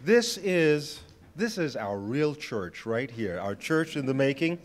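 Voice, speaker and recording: A man, a minister, welcoming a church crowd and introducing staff in an unhurried way. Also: mid-range voice, lively intonation, slight background noise. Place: church sanctuary.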